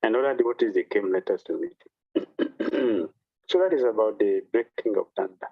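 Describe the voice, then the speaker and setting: A man, a monk, telling a devotional story in a sermon with animated delivery and frequent repetition of phrases. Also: fairly low pitch, normal speed, creaky, slightly rough, dull audio. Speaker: monk giving a talk.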